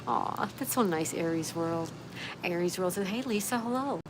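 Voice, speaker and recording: A woman with a fairly low voice hosts a relaxed livestream from outside, reading comments aloud and answering each viewer by name. Her tone stays easy and friendly. Clear background noise from the outdoors runs under her voice. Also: normal speed. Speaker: livestream host. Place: outdoors, with a view.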